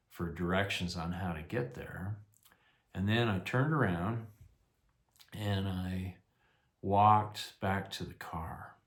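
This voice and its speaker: An older man casually telling a rambling, self-deprecating personal story, full of fillers. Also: low-pitched. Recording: echoey room.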